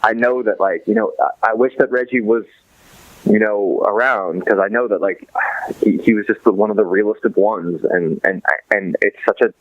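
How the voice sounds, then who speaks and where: A man in his thirties, a podcast guest in casual interview chat, rambling with many fillers and restarts and swinging between excited and somber. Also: fairly low pitch, moderate pace, no echo. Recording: dull lo-fi dry recording.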